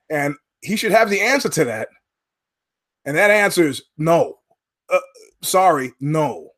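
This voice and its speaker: A man with a high-pitched voice hosts his own show alone. He talks in loose, digressive commentary, wandering between stories. His tone is sardonic, and he swears without hesitation. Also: animated, measured pace, fairly bright tone. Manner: profane, digressive, sardonic storyteller. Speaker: podcast host. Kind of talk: rambling solo commentary.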